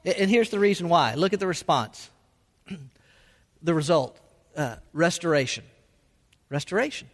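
High-voiced preacher in an echoing hall. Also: male voice, lively intonation, moderate pace, long pauses. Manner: emphatic, repeats words, Southern-style y'all. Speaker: pastor. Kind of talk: sermon.

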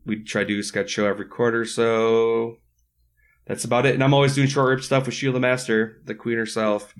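A man's voice: medium pitch, little pitch movement, a little fast, clean tone. A man who performs improv comedy, a podcast guest, joking and self-deprecating as he plugs his shows. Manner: jokey, self-deprecating, easygoing. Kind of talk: casual podcast chat.

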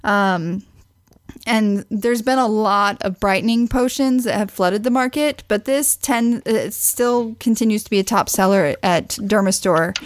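A woman co-hosting a casual chat over a video call, chatty and quick, laughing often. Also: mid-range voice, dry recording, clean studio sound. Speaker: co-host.

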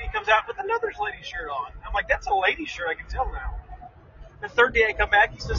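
Bright, high-voiced man telling a story. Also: fast, vocal fry. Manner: animated storyteller, acts out quoted voices. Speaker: storyteller in conversation. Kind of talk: casual chat. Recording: lo-fi recording with faint background noise.

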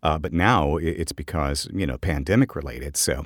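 A man's voice: a bass voice, normal speed, no room sound, studio quality. A male voice actor co-hosting a casual podcast, talking in an easygoing, rambling way full of fillers.

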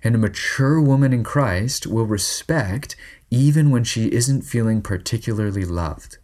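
A man's voice: mid-range voice, expressive, a little slow, a little mellow. A man in his thirties preaching a sermon as pastor, earnest and conversational, often restarting his sentences.

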